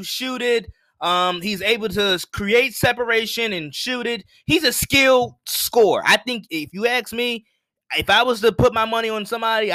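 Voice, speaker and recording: A man's voice: sits high, pushed and bright, dry recording. A man in casual sports chat, earnest and getting worked up as he argues his picks.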